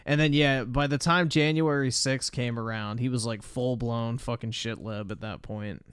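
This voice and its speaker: A man's voice: mid-range voice, steady tone, normal speed, fairly bright tone, clean tone, no room sound, clean studio sound. A man streaming, giving blunt, rambling and profane reaction commentary.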